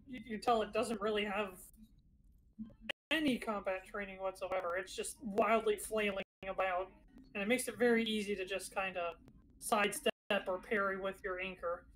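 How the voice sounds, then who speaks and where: A woman running a tabletop game as game master, narrating the action in a relaxed, descriptive way. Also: medium pitch, low-quality recording.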